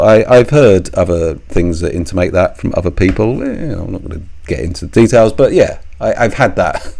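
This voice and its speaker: A man's voice: low voice, gravelly, warm tone. A man delivering a sarcastic, accusatory commentary monologue to the camera, swearing now and then.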